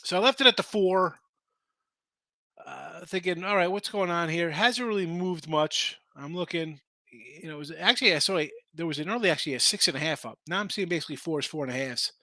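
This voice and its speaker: A man's voice: on the high side, brisk, pushed and bright, dry recording. A man hosting a live sports betting show, tired and losing his voice, chatting casually about point spreads and answering viewers in the chat.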